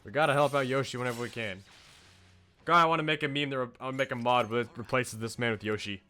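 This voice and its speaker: A man's voice: medium pitch, fast talker, bright, forceful tone. A young man streaming a game, chatting casually with enthusiastic, gushing commentary and frequent laughs.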